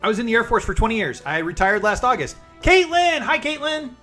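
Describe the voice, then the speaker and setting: A man's voice: sits high, lively intonation, very fast, pushed and bright, soft background music. A man in his forties, streaming live and chatting casually, upbeat and calling viewers by name.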